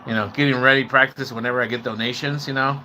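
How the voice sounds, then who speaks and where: A man hosting a casual livestream, chatting and rambling to his viewers, mixing in Spanish words and breaking into excited whoops. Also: medium pitch, fast, a little hiss or hum. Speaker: livestream host.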